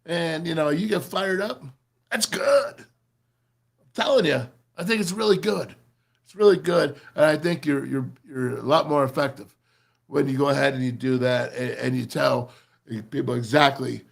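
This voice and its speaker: A man hosting a sports talk show, rallying his team in an emphatic, repetitive way. His voice is gravelly and a little husky, pitched a touch above most men. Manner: emphatic, repetitive, keeps calling listeners man and brother. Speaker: sports radio host. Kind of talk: fired-up sports talk monologue.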